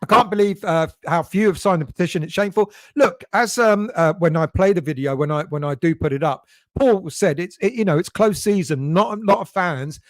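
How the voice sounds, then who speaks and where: A man's voice: high-pitched, fairly quick, no room sound, clean studio sound. Chatty man reading live chat. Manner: chatty, greets viewers by name. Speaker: fan channel host reading live chat. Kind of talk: casual live-stream chat.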